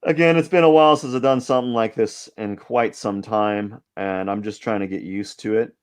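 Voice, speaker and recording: A clear, resonant, lowish male voice, fairly even in intonation and normal in speed. The speaker hosts a live drawing stream and narrates his thoughts as he sketches: meandering, tentative, self-questioning, and modest to the point of putting his work down.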